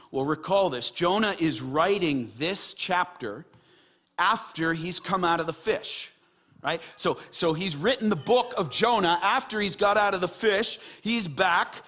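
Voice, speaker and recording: A man delivers a sermon from the pulpit, his fairly high voice climbing when he drives a point home. Then he drops to a quieter, earnest tone for the appeal to his listeners. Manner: animated preaching, rising and dropping to quiet emphasis. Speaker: pastor.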